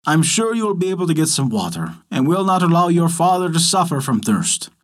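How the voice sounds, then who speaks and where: A man voicing a grumbling, easily angered father in a storybook tale, giving gruff orders. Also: on the high side, sing-song, a little fast. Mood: commanding. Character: weary, grumbling old father of three girls. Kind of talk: storybook character voice.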